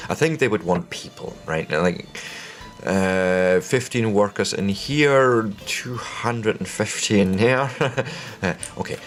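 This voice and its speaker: A man at home giving casual, chatty live commentary while streaming a game, rambling along and making self-mocking jokes. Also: sits low.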